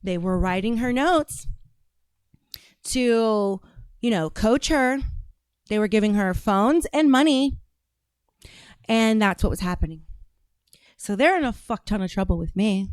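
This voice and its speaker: A woman's voice: mid-range voice, animated, a little slow, pauses often, clear, resonant tone, no room sound, studio quality. A woman hosting a reaction video, talking casually in a blunt, rambling, profane way.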